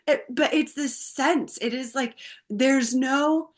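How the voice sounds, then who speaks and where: A woman guest on a podcast, telling a personal story in a heartfelt, animated way. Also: sits high, takes it slowly.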